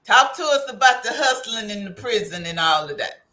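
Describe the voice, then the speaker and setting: A woman's voice: a little high, lively intonation, moderate pace, pushed and bright. A woman hosting a panel, summing up what guests said and reading out viewer questions. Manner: summarizing, reads viewer questions. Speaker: host. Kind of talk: panel moderation.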